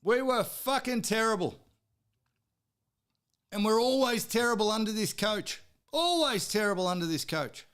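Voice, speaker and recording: High, ranting Australian man. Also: lively intonation, normal speed, pauses often, smooth. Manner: heated, swearing, sometimes shouting. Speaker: podcast host. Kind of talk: profane sports rant.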